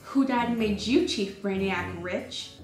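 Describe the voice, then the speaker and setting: A woman playing a grumpy, sharp-tongued witch who snaps sarcastic remarks. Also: medium pitch, a little slow, echoey room, over music, lightly acted. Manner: sarcastic, snappy.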